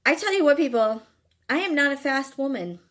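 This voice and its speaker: A woman's voice: high-pitched, animated, a little fast, a bit bright. A woman telling a personal story in a frank, emphatic way, with some casual swearing. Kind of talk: candid storytelling monologue.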